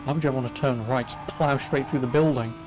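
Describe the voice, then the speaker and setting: A man's voice: medium pitch, fairly even intonation, a little fast, music in the background. A young English man with an English accent giving sarcastic, swearing, casual commentary as he streams a racing game. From England. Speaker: gaming streamer. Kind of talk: casual let's-play commentary.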